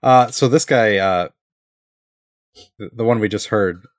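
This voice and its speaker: A man's voice: on the low side, unhurried, dry recording, studio quality. A man co-hosting a casual chat show, laughing often and reading listener letters aloud. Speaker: podcast co-host reading letters.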